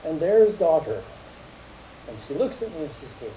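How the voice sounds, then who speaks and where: Animated man giving a talk, echoey. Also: fairly high pitch, normal speed, pauses often. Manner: animated, jokey, addresses audience directly. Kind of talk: storytelling presentation to an audience. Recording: muffled echoey room recording with hiss.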